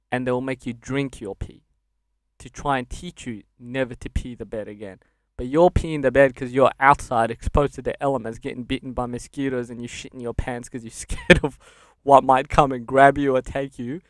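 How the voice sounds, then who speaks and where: A young man from Sudan, a podcast guest, candidly recounting a hard childhood in casual speech and laughing through dark memories. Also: mid-range voice, no room sound, clean studio sound. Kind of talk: casual interview storytelling.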